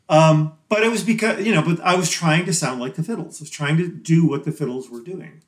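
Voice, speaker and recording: A man's voice: on the high side, a little fast, hardly any pauses. Chatty man in a roomy space. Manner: rambling and chatty, laughs easily. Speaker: guest musician on a podcast. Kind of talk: casual interview chat. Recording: roomy echo.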